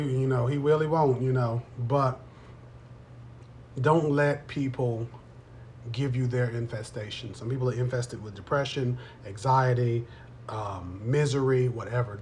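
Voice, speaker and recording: A man's voice: mid-range voice, a little hiss or hum. A man in his thirties hosting a live stream, chatting casually with viewers in a playful, teasing way. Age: 30s.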